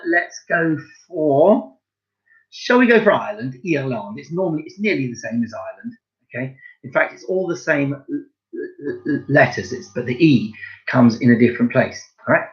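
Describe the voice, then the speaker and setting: A man teaching a recorded home-learning lesson to young children, slow and encouraging, spelling out words letter by letter. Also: on the high side, expressive, lo-fi sound. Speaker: primary school teacher.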